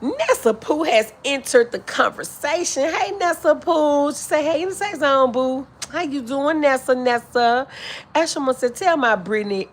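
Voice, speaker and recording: A woman hosting a live stream, chatting casually with viewers as she reads their comments aloud. She answers with affectionate, drawn-out greetings and calls people honey and boo. Now and then she clears her throat. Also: sits high, expressive. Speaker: livestream host.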